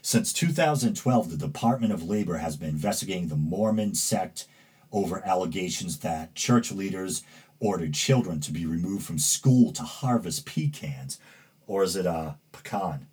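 A man's voice: low-pitched, expressive, normal speed, darkish tone, husky. A man with a New England accent hosting a podcast, reading news aloud and commenting in a rambling, hesitant way with many fillers. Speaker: podcast host.

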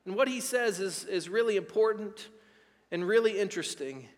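A middle-aged male pastor preaching a sermon, excitable and emphatic, swinging between near-shouting and hushed tones. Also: high voice, moderate pace, in a large hall. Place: church sanctuary.

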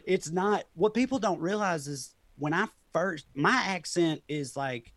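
A comedian guest with a Southern Tennessee accent chats loosely in a casual interview, laughing often. His voice is on the high side and expressive, with a slightly slow pace and no echo.

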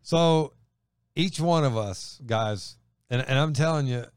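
A man co-hosting a faith show, reading scripture and preaching earnestly, slowing down to stress his points. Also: medium pitch, smooth, no room sound, clean studio sound. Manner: earnest, slows down for emphasis.

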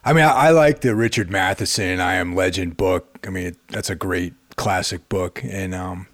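A man chatting casually about movies, measured and hesitant with many fillers. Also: low-pitched, fairly bright tone, no echo. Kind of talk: casual chat.

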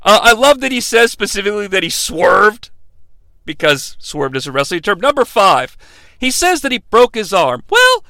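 A man's voice: high-pitched, huge pitch swings, moderate pace, creaky, pushed and bright, dry recording. A man hosting a wrestling podcast, joking casually and mimicking the people he talks about. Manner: jokey, mock-impressions of wrestlers. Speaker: podcast host.

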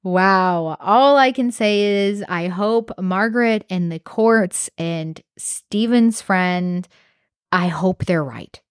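A woman's voice: mid-range voice, slow, clean tone, dry recording, studio quality. A woman hosting a true crime podcast, telling the story in a casual, reactive way with the odd swear word.

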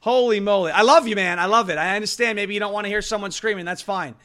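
A man hosting a political commentary show, talking loud and fast and ranting. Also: high-pitched. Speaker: host.

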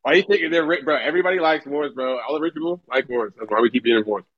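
A man's voice: on the high side, quick pace, dry recording, highs cut off. A man chatting as a guest on a casual livestream, laid-back and slangy. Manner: laid-back, says "bro" a lot.

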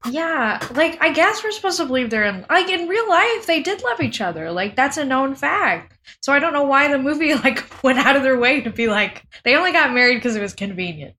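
A woman's voice: sits high, big pitch swings, moderate pace, few pauses, pushed and bright, a little hiss or hum. A woman co-hosting a film podcast, rambling casually and saying "like" a lot. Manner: rambling, heavy use of "like". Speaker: podcast co-host. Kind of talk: casual chat.

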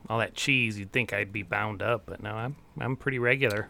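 Male player; laid-back, jokey, gravelly with a bright edge. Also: on the low side, brisk. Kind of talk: casual tabletop play.

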